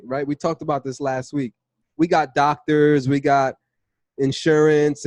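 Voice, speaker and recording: Animated man telling a faith story. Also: fairly high pitch, no room sound. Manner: animated storytelling, acts out dialogue with "I was like". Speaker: Bible study teacher. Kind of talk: casual testimony and teaching.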